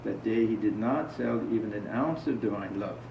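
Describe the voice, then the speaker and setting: Speaking at a moderate pace, a man with a lowish voice and vocal fry talks over background noise. He gives a casual spiritual talk to a few listeners, full of stories and questions directed at them. The audio is roomy, dull and far off.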